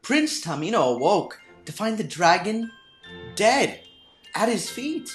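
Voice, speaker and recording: Slow, dramatic man reading a storybook aloud. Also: fairly high pitch, very animated, a bit bright. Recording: roomy room, faint background music.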